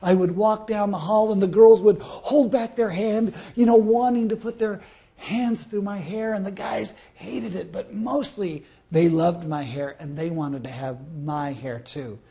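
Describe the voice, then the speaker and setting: A man's voice: high voice, unhurried, creaky, warm tone. Storytelling man from Southern California. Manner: storytelling with rhetorical questions to the listener. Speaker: motivational speaker. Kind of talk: motivational self-help talk.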